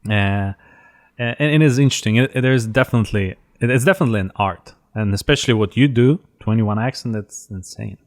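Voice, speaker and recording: A man's voice: lowish voice, fairly quick. Hesitant man hosting an interview. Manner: hesitant, restarts with fillers. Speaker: podcast host. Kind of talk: casual interview conversation.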